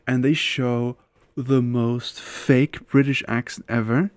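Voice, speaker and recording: A man's voice: medium pitch, fairly even intonation, unhurried, a little mellow. Rambling man chatting on a live stream. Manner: rambling, loose, with constant "like" fillers; opinionated and candid. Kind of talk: casual live-stream chat while gaming.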